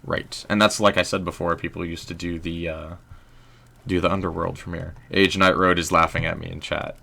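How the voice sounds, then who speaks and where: A man's voice: sits low, level tone, moderate pace, creaky, pushed and bright. A young man casually commenting on his gameplay, chatting with viewers and joking at his own expense. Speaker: livestreamer and writer.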